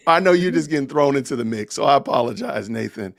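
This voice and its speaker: A man hosting a livestream podcast, chatting casually with animated, theatrical exasperation. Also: mid-range voice, fast talker, gravelly, few pauses, no echo, clean studio sound. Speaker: podcast host.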